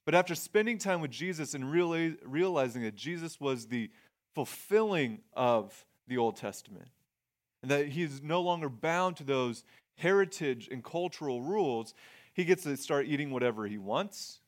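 A pastor with a fairly high voice and lively intonation preaches a sermon at a normal speed in a conversational way. He reads scripture, explains it plainly and often restarts his phrases.

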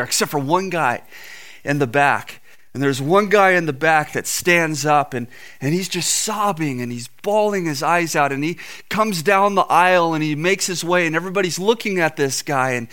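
A man preaching from a church stage with a smooth, resonant voice pitched a little above the usual. He tells his stories with earnest conviction and doubles up words as he builds toward each point. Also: fairly bright tone. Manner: earnest storytelling, repeats words when building up. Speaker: pastor. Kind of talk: sermon.

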